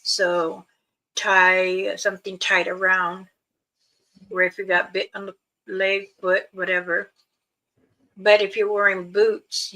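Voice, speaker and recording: A woman hosts a casual livestream at an unhurried pace, giving loose, repeated warnings to her listeners. Her voice is bright and clear. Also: mid-range voice, low-quality recording. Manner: slow, warning, loosely strung advice. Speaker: livestream host.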